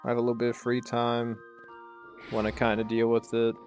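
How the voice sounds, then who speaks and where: Man, casual gameplay commentary, laid-back and rambling, mid pitch, faint music behind. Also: completely flat delivery, a little fast. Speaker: gaming channel host.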